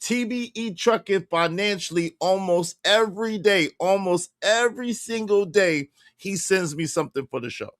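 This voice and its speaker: An animated man hosts a livestream from inside his car, his voice high-pitched. He talks loosely and repeats himself as he shouts out viewers. The recording is dry and close. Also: moderate pace, few pauses, no room sound. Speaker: livestream host. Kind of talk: casual livestream commentary.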